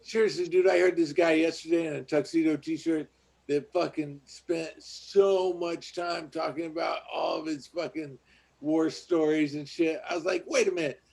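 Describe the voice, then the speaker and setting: Profane gravelly man telling stories. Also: on the high side, steady tone, moderate pace, darkish tone. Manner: profane, blunt storytelling. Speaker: podcast co-host. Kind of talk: casual podcast chat.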